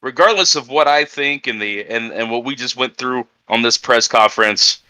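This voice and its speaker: A man's voice: medium pitch, normal speed, bright, forceful tone, poor audio. A man hosting a wrestling press conference, building hype in an emphatic announcer style as he questions the champion. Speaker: press conference host and interviewer. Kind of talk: hyped announcer-style interview.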